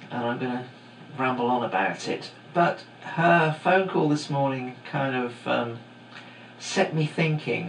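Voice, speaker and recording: A middle-aged man rambles through a podcast monologue in a gravelly voice, full of fillers and digressions. His voice echoes in the room, and a faint hum sits underneath. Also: medium pitch, a bit bright. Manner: casual, digressive, many fillers. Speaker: podcast host and teacher. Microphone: home microphone.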